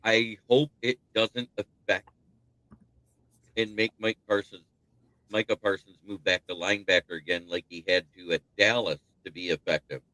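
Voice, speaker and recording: Male sports stream host, bright, dry close sound, rambling casual chat. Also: on the low side, steady tone, normal speed, no echo, rough recording. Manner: rambling, thinks aloud with restarts, laughs at rival team's troubles. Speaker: sports talk show host.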